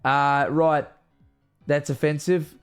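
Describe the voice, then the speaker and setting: A man's voice: fairly high pitch, flat delivery, takes it slowly, clean tone, soft background music. A very tired young man hosting a livestream, chatting loosely through his sign-off, rambling and swearing now and then. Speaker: livestream host. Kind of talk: casual stream sign-off chat.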